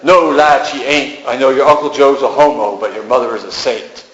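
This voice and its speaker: A man's voice: medium pitch, steady tone, moderate pace, fairly bright tone, a little hiss or hum, lightly acted. A man voicing Saint Patrick as a firm, blunt old saint. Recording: roomy, dull gallery recording.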